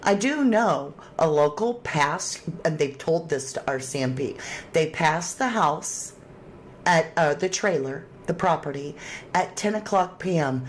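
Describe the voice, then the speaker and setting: A woman's voice: sits low, a little hiss or hum. A woman hosting a true crime livestream, reading viewer comments aloud and chatting casually, thanking viewers with endearments.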